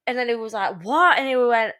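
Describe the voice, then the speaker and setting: A woman's voice: a little high, fast talker, smooth. A woman, co-hosting a casual chat podcast and telling stories with lots of laughter. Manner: animated storytelling, frequent laughter, acts out quotes. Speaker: podcast co-host.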